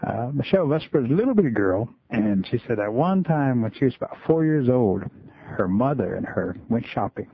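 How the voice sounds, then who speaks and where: A man who works as a school and community storyteller, telling a story in a relaxed, folksy way. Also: mid-range voice, brisk, vocal fry, a little hiss or hum. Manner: relaxed folksy storytelling, many "just kinda". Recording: tinny phone-like radio line.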